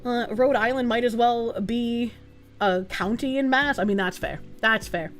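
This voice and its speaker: A woman from New England with a Boston-area accent, reading chat on her stream, swearing loudly and breaking into shrieking laughs. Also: measured pace, faint music behind. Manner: loud, swearing, bursts into high laughing shrieks.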